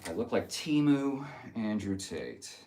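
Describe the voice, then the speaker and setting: Guy on a livestream reading chat out loud, crude jokes, talks kinda slow. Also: on the low side, sing-song, background noise. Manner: jokey, crude banter, reads viewer comments aloud.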